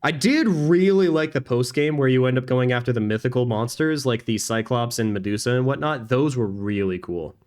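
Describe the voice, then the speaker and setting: A man's voice: medium pitch, normal speed, few pauses, darkish tone. A man streaming a video game, chatting casually and enthusiastically, with lots of fillers and restarts. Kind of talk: casual chat while gaming.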